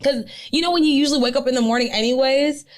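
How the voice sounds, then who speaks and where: A young woman with a slightly high voice tells a long story on a chat podcast. She talks in an animated, profane way and keeps saying "like." Her voice is a little higher than most women's. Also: quick pace. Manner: animated, profane, lots of "like" and "I'm like". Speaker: podcast co-host.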